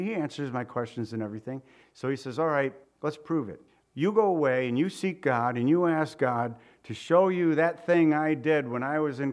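Folksy man preaching an informal sermon. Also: medium pitch. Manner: folksy, conversational, tells anecdotes. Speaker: pastor.

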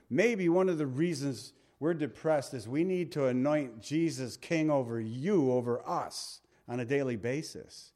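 A man preaching a sermon, swinging between loud emphatic lines and hushed soft ones. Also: medium pitch, a little slow, hardly any pauses. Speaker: pastor.

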